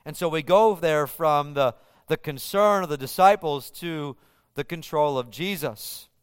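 A man's voice: on the high side, measured pace, smooth, no room sound, studio quality. A man preaching a sermon, retelling a scripture scene with vivid storytelling. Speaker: pastor.

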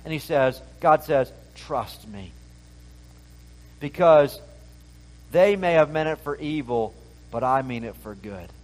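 A man preaching a sermon, reading scripture and retelling it in a conversational way, swinging from loud emphasis to hushed asides. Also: a little high, measured pace, poor audio. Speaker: pastor.

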